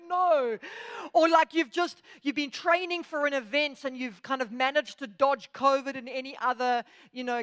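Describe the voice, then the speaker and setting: A woman's voice: fairly high pitch, a bit bright. A South African woman in her thirties giving a humorous, chatty motivational talk. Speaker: speaker.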